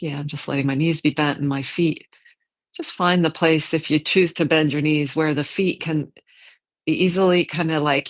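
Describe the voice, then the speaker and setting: A gentle yoga teacher, medium in pitch, walks a class through slow movement and meditation without rushing. They think aloud and correct themself now and then.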